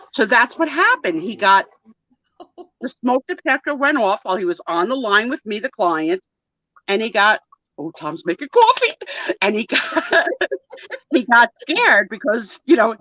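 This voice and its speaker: A woman talk show host chats over a video call and tells a story with plenty of laughter. She acts out each person in it. Her bright voice swings up and down a lot, and the sound is dry and slightly dull. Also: a little high, no echo. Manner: animated, laughing, acts out the people in her stories. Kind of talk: storytelling casual chat.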